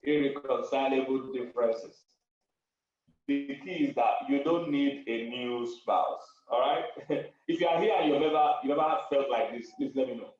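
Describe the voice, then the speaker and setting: A man's voice: mid-range voice, normal speed, a little mellow. Echoey, distant male pastor. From Africa. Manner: emphatic, repeats key phrases, laughs between points. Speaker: pastor and marriage counselor. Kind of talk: preaching to an online audience. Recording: very echoey room, distant muffled mic.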